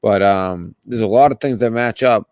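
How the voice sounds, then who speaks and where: Man, Boston accent, low-pitched, rambling host, dry close recording. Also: moderate pace, darkish tone, no echo. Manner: rambling, hesitant, many restarts. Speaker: podcast host. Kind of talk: casual call-in chat.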